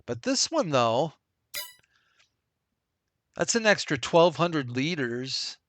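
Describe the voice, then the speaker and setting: His voice sits on the high side with big pitch swings, fairly bright and slow. This let's play host casually comments on a farming game, thinking aloud and laughing to himself, in a dry recording. Game engine noise, tractors and engines, plays behind him.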